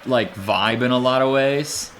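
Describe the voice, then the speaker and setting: A man streaming a video game, talking casually and rambling, then bursting into loud excited shouts during play. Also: mid-range voice, measured pace, slight background noise. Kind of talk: casual live gameplay commentary.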